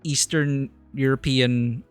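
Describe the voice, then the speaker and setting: A man's voice: mid-range voice, fairly even intonation, takes it slowly, smooth, faint music behind. A man streaming a video game, chatting casually and enthusiastically, rambling with lots of "like". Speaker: streamer, filmmaker. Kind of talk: casual live game commentary.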